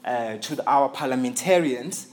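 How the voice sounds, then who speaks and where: A man's voice: medium pitch, normal speed. A man from Africa, preaching a sermon as a visiting pastor in an earnest, emphatic way, repeating key phrases for stress. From South Africa. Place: church in England.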